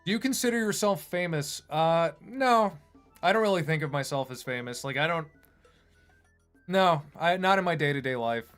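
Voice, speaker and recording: A man's voice: fairly high pitch, expressive, normal speed, a bit bright, soft background music. A man who animates online, chatting casually on a livestream in a rambling, self-deprecating way. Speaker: streamer and animator.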